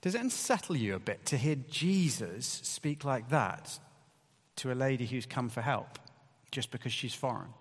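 A male preacher delivers a sermon in a chatty, down-to-earth voice of middling pitch, pressing hard on key words. His voice trails into a long hall reverb. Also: expressive, moderate pace, husky. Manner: conversational, emphatic, with rising bursts of stress.

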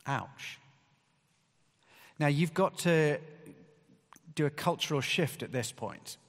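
A man's voice: on the high side, lively intonation, slow. A man preaching a sermon to a congregation, talking in a conversational way with emphatic bursts of stress. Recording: long hall reverb.

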